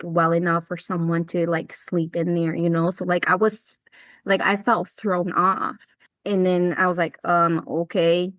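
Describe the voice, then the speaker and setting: A woman's voice: on the low side, fairly bright tone, no room sound. Storytelling woman, dry close sound. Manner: storytelling, acting out dialogue, casual swearing. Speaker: podcast co-host. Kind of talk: casual chat.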